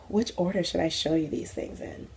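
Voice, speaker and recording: Low, gravelly woman chatting casually. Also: huge pitch swings, a little slow, a little hiss or hum. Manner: chatty, self-mocking, many fillers. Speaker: craft vlogger. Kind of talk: casual chat.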